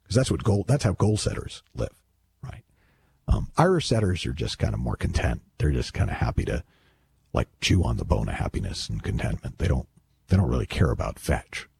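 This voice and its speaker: A man's voice: extremely low pitch, sing-song, brisk, creaky, darkish tone, breathy edge. A man talking as a self-help speaker in a casual, reflective monologue, rambling and wry with many self-corrections.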